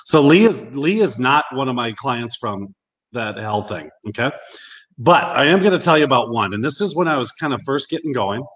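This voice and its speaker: A man co-hosting a casual chat, relaxed and agreeable. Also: mid-range voice, moderate pace, long reverb tail.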